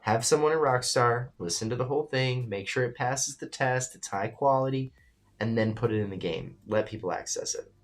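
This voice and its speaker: A man's voice: medium pitch, normal speed. A man hosting a casual late-night live stream, rambling as he reads chat comments aloud and talks to viewers, calling them bro and brother.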